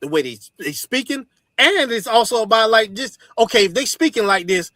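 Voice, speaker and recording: A man preaching forcefully to his listeners, repeating "you understand" and swearing often. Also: sits high, no echo, studio quality. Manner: forceful, repetitive, profane. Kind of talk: street sermon teaching.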